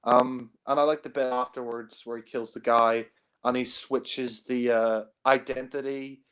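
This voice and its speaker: A man's voice: mid-range voice, flat delivery, measured pace, a bit bright, clear, resonant tone. A man talking casually about films, rambling with many fillers and frequent chuckles. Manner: rambling, heavy on fillers, laughs often. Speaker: film reviewer. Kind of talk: casual film discussion.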